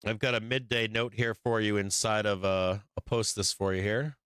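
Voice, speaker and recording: A man with a bright, crisp voice and a lowish pitch, riffing through live market commentary. He swears freely and rambles as he sketches charts on the fly. The sound is dry and close, with no room around it. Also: fairly even intonation, moderate pace, no echo. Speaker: stock market livestream host.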